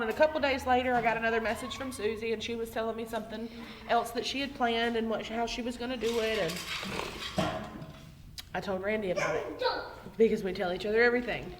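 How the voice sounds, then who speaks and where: A young woman with a fairly high voice recounts her own faith testimony in a plain vlog style. She wanders through the story, backs up to correct herself, and leans on "um" between thoughts, with a faint hiss of noise behind her. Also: low-quality recording. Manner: rambling, self-correcting, frequent "um". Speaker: vlogger sharing a personal testimony.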